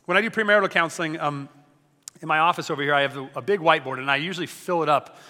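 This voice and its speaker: A man preaching a sermon as a pastor, energetic and conversational, often joking with the congregation. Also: on the high side, rapid-fire, big-room sound.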